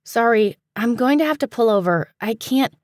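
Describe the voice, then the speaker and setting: A woman voicing an exasperated, quick-tempered young woman who is a librarian. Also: a little high, lively intonation, dry recording, clean studio sound, voice pushed up, close to an everyday voice. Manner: exasperated, snappy.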